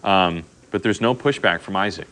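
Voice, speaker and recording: A middle-aged pastor preaches a sermon in a low-pitched voice at a moderate pace. He tells animated stories conversationally and keeps checking in with frequent "okay?" asides.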